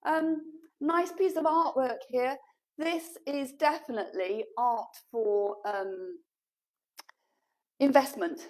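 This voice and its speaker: A shop owner chats and rambles on a live stream while walking through her indoor furniture shop, in a chatty, self-deprecating way. Her high voice is slow and a little mellow with frequent pauses, and the recording is rough.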